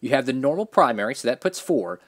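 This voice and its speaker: A man's voice: mid-range voice, expressive, fast, breathy edge. Opinionated man reviewing model cars. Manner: opinionated, rambling, with fillers and restarts. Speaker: diecast reviewer. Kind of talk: casual product review. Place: home studio.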